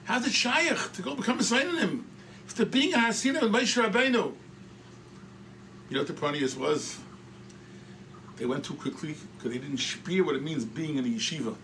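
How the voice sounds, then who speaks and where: A middle-aged rabbi giving a sermon-style tribute, telling stories with animated delivery and a sprinkling of Yiddish and Hebrew phrases. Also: male voice, on the high side, moderate pace, pauses often, a little hiss or hum, rough recording. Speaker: rabbi speaker at a tribute dinner. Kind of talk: sermon-style eulogy with storytelling.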